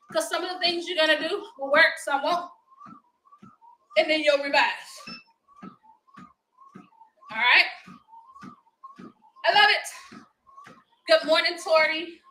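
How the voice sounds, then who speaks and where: A woman's voice: sits high, sharp tone, roomy sound, slight background noise, rough recording. A woman, hosting a casual live motivational chat, upbeat and laughing often as she talks to viewers. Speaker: livestream host.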